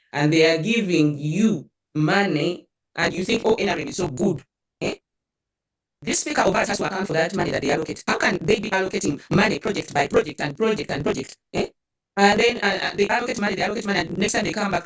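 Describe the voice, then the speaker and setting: A woman's voice: fairly low pitch, far from the mic. Indignant Ugandan woman commentator, echoey. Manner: indignant, rhetorical, many fillers like eh and hmm. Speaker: political commentator. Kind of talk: impassioned political commentary.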